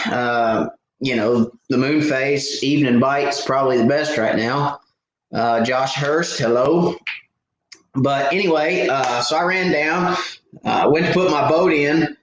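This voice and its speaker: A man's voice: medium pitch, measured pace. A man hosting a live fishing Q&A stream, telling stories casually with lots of fillers and restarts. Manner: rambling storyteller with many fillers and restarts. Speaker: fishing channel host. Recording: very echoey room.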